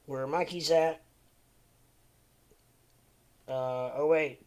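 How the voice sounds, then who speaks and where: A man chats loosely through a live stream, drifting between quiet mumbles to himself and livelier greetings to his viewers. His pitch sits in an ordinary middle range, and his talk is unhurried and meandering. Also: smooth. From American Midwest. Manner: rambling, muttering to himself between chatting to viewers. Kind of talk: casual live-stream chat.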